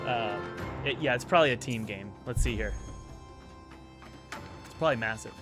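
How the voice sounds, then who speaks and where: A man's voice: medium pitch, normal speed, music in the background. Rambling man reviewing games on stream. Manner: rambling and upbeat, with many restarts. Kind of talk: casual livestream commentary.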